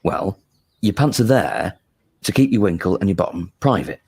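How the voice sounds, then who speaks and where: A man plays a calm, patient father in an advert, speaking softly to his child. The voice sits very low and a little husky, with a gently rising and falling melody. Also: moderate pace, full character voice. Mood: gentle. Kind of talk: scripted ad acting.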